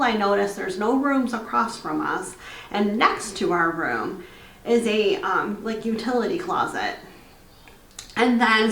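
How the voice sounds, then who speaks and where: A young woman telling her own haunted hotel experience in a casual, animated way, acting out what she and her husband said and laughing now and then. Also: mid-range voice, echoey room, far from the mic, slight background noise. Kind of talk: casual storytelling.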